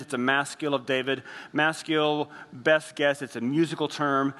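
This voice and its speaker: A man preaching a sermon as pastor, earnest, slowing down and dropping his voice on heavy phrases. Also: on the high side, pushed and bright, big-room sound.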